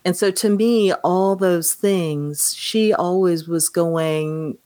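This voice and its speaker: A woman with a low voice, recorded dry and close. She talks through a film in relaxed podcast chat, lively, and slips into the characters' voices when she quotes them. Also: measured pace, few pauses, dry recording. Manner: animated, acts out quoted lines. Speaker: podcast co-host. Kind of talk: casual film discussion.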